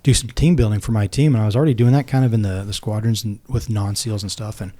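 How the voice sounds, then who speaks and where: Man telling war stories with a dark tone. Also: on the low side, quick pace. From United States. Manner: animated, acts out quoted dialogue. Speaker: podcast guest, former Navy SEAL. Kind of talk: casual storytelling.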